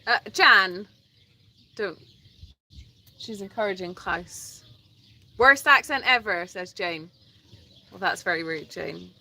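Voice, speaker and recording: Bright-voiced woman, teasing banter. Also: lowish voice, slow pace, gravelly, long pauses, breathy edge. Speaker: co-host of a live animal sanctuary stream. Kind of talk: casual live Q and A chat.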